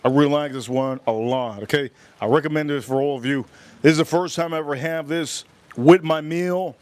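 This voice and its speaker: A man hosting a casual livestream, chatting and reacting out loud while he eats. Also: fairly high pitch, a little fast, no room sound. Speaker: livestream host. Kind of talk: casual livestream food tasting.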